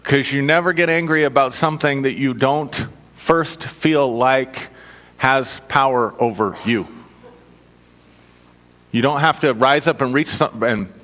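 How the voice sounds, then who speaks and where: A man's voice: medium pitch, a bit bright. Chatty man preaching in an echoing hall. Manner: chatty and self-mocking, checks in with "right?". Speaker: minister. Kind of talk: conversational sermon with personal stories. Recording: long reverb of a hall.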